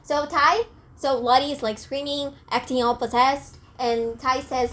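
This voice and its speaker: Young woman, fairly high voice, casual video essay narration, chatty and self-conscious. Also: little pitch movement, normal speed. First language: not French. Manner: chatty, frequent "like", apologetic about pronunciation.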